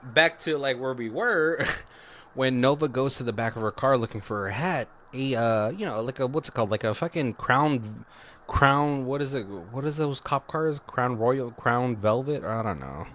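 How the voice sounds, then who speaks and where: A man of ordinary pitch retells a horror movie's plot in a loose, rambling way, often breaking into laughter. He swears freely and slips into quick impressions of the characters as he goes. Plain, everyday podcast chat. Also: lively intonation, a bit bright, a little hiss or hum. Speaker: podcast co-host. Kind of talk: casual movie recap chat.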